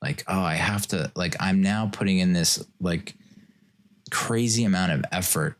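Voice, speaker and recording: A man's voice: low-pitched, unhurried. A man in his thirties hosting a solo podcast, talking in a rambling, self-mocking way and slipping into sarcastic mock-formal voices. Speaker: podcast host. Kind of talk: casual solo podcast monologue.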